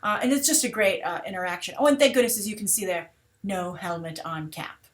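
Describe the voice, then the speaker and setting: A woman's voice: medium pitch, brisk. A woman hosting a movie trailer review show, talking casually and animatedly with plenty of fillers. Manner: chatty, animated, with many fillers. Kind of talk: casual commentary.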